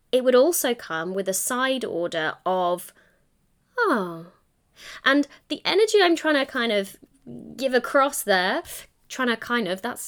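A woman's voice: a little high, pushed and bright. A young woman hosting a solo podcast, talking in a chatty, encouraging way and correcting herself mid-sentence. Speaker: podcast host. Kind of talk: solo coaching podcast monologue.

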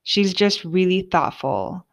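A woman's voice: fairly low pitch, slow. Heartfelt young woman hosting a podcast. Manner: casual, heartfelt, lots of "like". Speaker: podcast host. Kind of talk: personal monologue.

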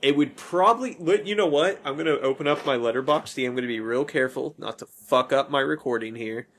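A man's voice: mid-range voice, fairly quick, fairly bright tone, slight background noise. A man hosting a podcast in casual chat, rambling, correcting himself and laughing often. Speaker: podcast host.

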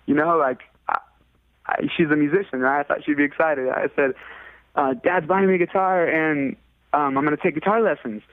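A fairly high-pitched man from California, a musician guest, tells a story at normal speed in a rambling, casual way full of fillers, acting out what other people said in a raised voice. The line sounds tinny and phone-like, dry with no room sound.

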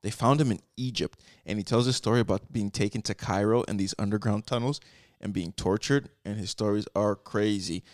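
Podcast co-host man, low voice on a dry close mic, tells stories casually. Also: dry recording. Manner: storytelling, quick to laugh, repeats his words. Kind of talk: casual chat.

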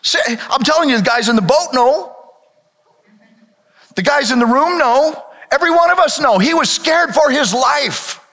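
Animated high-voiced male preacher. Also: moderate pace. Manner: dramatic storytelling, rhetorical questions. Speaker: pastor. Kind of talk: sermon. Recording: reverberant hall.

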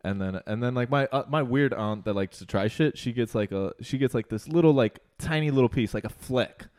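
A man's voice: mid-range voice, fairly quick. A young adult man in a casual chat, telling a story in a loose, profane way with lots of "like". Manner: animated, profane storytelling, heavy use of "like".

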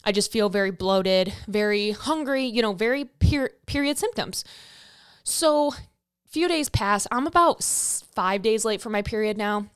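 A young adult woman hosting a podcast, telling a candid personal story in a frank, profane, animated way, acting out the quotes. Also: medium pitch, a little slow, clear, resonant tone, no echo, clean studio sound. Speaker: podcast host.

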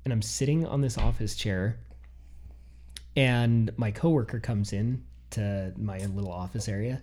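Speaking a little slowly in a lowish voice, a man in his thirties relates a personal anecdote during a casual chat. He's animated, voicing what he and others said.

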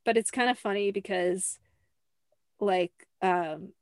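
Chatty young woman podcaster, mid pitch, dead dry mic, says like a ton. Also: slow pace, no echo. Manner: chatty, fills with "like", acts out quotes. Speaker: podcast host. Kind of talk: casual chat.

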